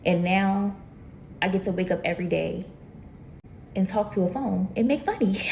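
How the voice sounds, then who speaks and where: A woman's voice: mid-range voice, darkish tone, a little hiss or hum. A woman content creator, telling a story to camera in a sassy, emphatic way and calling listeners "baby.".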